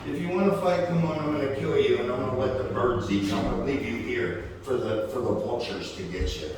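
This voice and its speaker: A man's voice: medium pitch, a little fast, crowd noise, natural voice. A man voicing a boastful, mocking giant warrior as he retells a story in a sermon. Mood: threatening. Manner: scornful, taunting. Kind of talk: sermon retelling with acted quotes. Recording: echoey church hall from far off.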